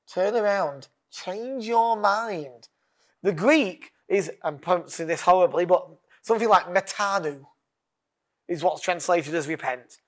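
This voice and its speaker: A man preaching a sermon as pastor, earnest, leading call-and-response lines and dropping to a hush. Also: sits high, moderate pace.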